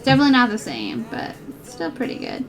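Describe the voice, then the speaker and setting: A woman's voice: high voice, fast talker, vocal fry, music in the background. A woman streamer chatting casually while she cross-stitches. She rambles, giggles often and says "like" a lot. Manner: giggly, rambling, heavy use of "like".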